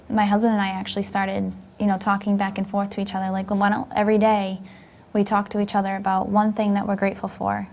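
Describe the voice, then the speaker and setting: A woman's voice: mid-range voice, vocal fry, a little mellow, a little hiss or hum. Chatty reflective woman co-host. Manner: chatty, reflective, laughs easily. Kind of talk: casual chat.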